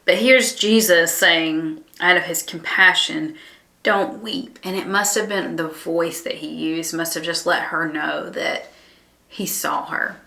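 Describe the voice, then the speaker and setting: A woman gives a conversational Bible lesson with a lower-pitched but bright, forward voice. She speaks in an earnest, reflective way, pausing on ums and restarting thoughts. The room around her is noticeably echoey. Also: creaky. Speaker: Bible study teacher.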